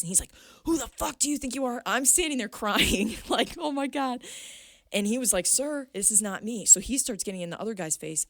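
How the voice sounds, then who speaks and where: A woman in her twenties, a podcast guest, telling a personal story in a casual, animated way, acting out what people said and swearing freely. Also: low voice, no echo, studio quality. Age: 20s. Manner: animated, acts out quoted voices, swears freely.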